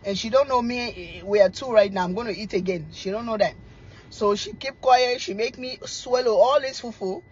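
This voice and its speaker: A middle-aged woman, chatting casually to camera as a cooking vlogger, telling stories in a teasing, animated way and laughing often. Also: on the high side, moderate pace, slightly rough, highs cut off.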